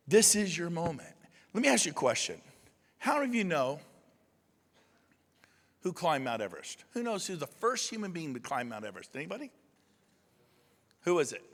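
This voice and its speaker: Male conference speaker, shouting and emphatic, bright tense tone, lively swings. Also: high-pitched, big-room sound. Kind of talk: motivational speech. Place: large conference room.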